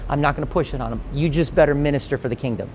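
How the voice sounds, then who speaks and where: A man in his forties, a pastor teaching a conference session, telling stories with lively acted-out quotes and frequent laughter. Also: on the high side, rapid-fire, a little hiss or hum. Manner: animated storytelling, acts out quoted voices, laughs often.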